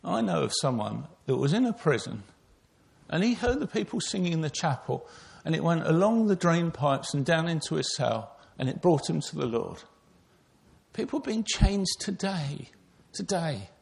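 Gravelly older preacher. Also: male voice, fairly high pitch, big pitch swings, moderate pace. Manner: earnest, storytelling preacher, addressing children. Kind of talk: sermon.

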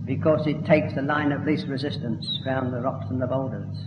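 A man's voice: mid-range voice, steady tone, normal speed, heavy background noise. A man preaching a sermon, emphatic and building to fervent declamation. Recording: echoey hall, dull lo-fi sound.

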